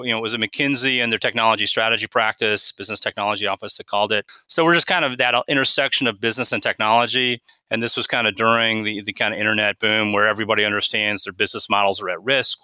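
Middle-aged exec guy, low-ish crisp bright voice, dry close mic, explains stuff, restarts a lot. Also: no room sound. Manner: measured, explanatory, restarts phrases. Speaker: chief product officer, interview guest. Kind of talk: business interview answers.

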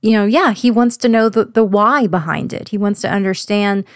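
A woman moderates a panel discussion in a measured voice, stopping now and then to search for the right words. Her pitch sits in the middle. The recording is dry, with no room sound. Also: no room sound.

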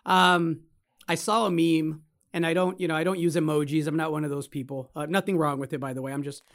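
A man in his early forties hosting a podcast, talking in a casual but emphatic, deliberate way. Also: fairly high pitch, flat delivery. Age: 40s. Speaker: podcast host.

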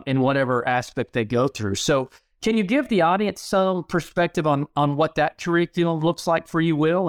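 A man's voice: fairly high pitch, clean tone, no room sound, clean studio sound. A man hosting a podcast. He affirms his guest's points and asks long, winding questions. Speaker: podcast host. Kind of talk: conversational podcast interview.

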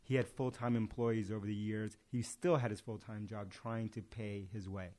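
A man's voice: fairly low pitch, flat delivery, normal speed, dark tone. A man in casual conversation, telling a story and acting out its dialogue. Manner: tells parables with acted-out dialogue.

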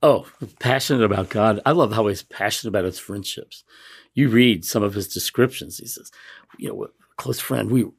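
Soft-spoken low man, husky. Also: normal speed. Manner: emotional, choking up while reading aloud. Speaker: guest author. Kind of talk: conversational interview.

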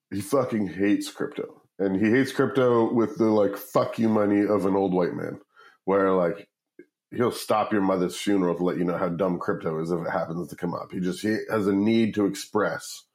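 A man's voice: deep voice, rough recording. Rambling, profane man telling a story. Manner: profane, rambling, animated quoting of others. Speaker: guest, startup founder. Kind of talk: casual storytelling interview.

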